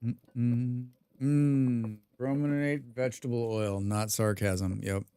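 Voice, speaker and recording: A man's voice: medium pitch, steady tone, slow pace, dark tone, slight background noise. A man live-streaming a survival game, reading viewer chat aloud and answering with dry, rambling jokes, humming and mumbling to himself in between.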